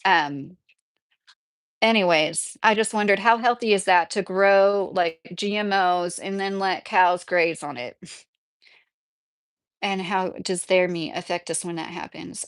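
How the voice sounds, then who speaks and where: A woman's voice: on the low side, steady tone, measured pace, clear, resonant tone. Chatty woman livestreaming. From Kentucky. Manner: chatty and rambling, answering viewers by name. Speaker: livestream host reading viewer comments. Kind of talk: casual live-chat talk.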